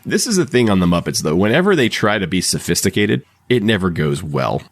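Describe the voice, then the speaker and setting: Male podcast host, low and dry, chatty with frequent laughs. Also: sing-song, fairly quick, dry recording. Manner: chatty, laughs often, restarts sentences. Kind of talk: casual chat recapping a TV episode.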